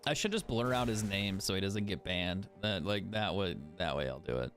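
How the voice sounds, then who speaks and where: A man's voice: deep voice, lively intonation, normal speed, fairly bright tone, soft background music. A young man chatting casually as a game streamer, swearing freely and laughing often. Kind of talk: casual gaming stream commentary.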